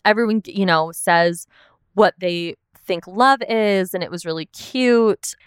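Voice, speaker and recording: A woman's voice: medium pitch, unhurried, clear, resonant tone, dry recording, clean studio sound. A young woman hosting a casual recap podcast, chatty and full of "like" fillers.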